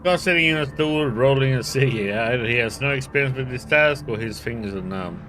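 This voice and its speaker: A man's voice: mid-range voice, fairly quick, pushed and bright, faint music behind. A man playing a video game, casually reading its narration aloud. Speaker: game streamer.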